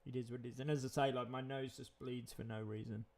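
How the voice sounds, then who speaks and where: A man's voice: medium pitch, little pitch movement, fast, darkish tone. A man, chatting in a rambling vlog monologue, repeating himself and chuckling often. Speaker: vlogger.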